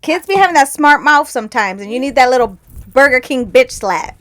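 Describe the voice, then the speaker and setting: Brief: chatty woman co-host, slightly high, acts out family quotes. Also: lively intonation, fairly quick, fairly bright tone. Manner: rambling storyteller, laughs often, acts out relatives' lines. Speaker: podcast co-host. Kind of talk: casual chat.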